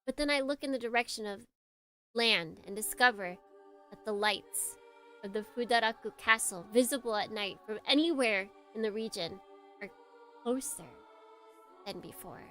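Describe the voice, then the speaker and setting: Bright-voiced woman streamer, giggly. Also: a little high, normal speed, faint music behind. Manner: giggly, reads narration in a hushed dramatic tone. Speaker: streamer reading a visual novel aloud. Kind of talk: let's play commentary and dramatic reading.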